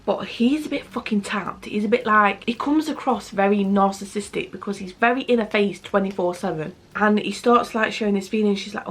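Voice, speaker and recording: A woman's voice: mid-range voice, brisk, few pauses, husky. A young woman reviewing a book to camera at home, in a blunt, chatty way with constant swearing. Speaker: book vlogger. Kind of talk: casual book review chat.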